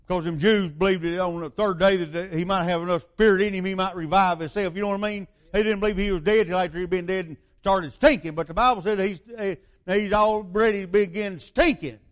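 An older man delivers a sermon in a fairly high voice. He tells the story loosely, full of asides and rhetorical questions put to his listeners. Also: steady tone, fairly quick, hardly any pauses. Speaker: preacher.

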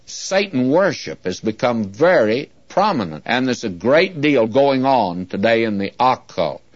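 A man's voice: mid-range voice, dry recording. Folksy man preaching. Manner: earnest, folksy, often says "friends". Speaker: Bible teacher. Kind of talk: sermon. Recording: dull lo-fi dry recording.

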